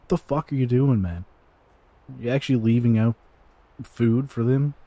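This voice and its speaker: A man's voice: medium pitch, normal speed, mellow, no room sound, pitched above the performer's own voice, natural voice. A man voicing a blunt, irritated male camp worker who confronts people and swears. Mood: annoyed.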